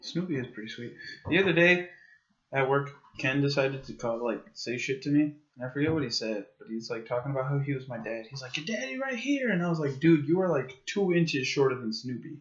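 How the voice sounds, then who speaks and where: A young man co-hosting a podcast, telling stories with laughter and loud quoted voices. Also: medium pitch, brisk. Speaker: podcast co-host. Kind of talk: casual chat. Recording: roomy, dull lo-fi home recording.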